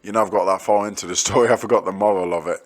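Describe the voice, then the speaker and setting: A man co-hosting a podcast, chatting and telling stories in an animated way, laughing and swearing freely. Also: lowish voice, racing. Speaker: podcast co-host. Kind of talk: casual banter and storytelling.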